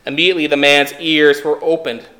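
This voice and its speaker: A man's voice: fairly high pitch, little pitch movement, a little fast, pushed and bright, echoey room. Man preaching a conversational sermon. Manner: conversational preaching with rhetorical questions.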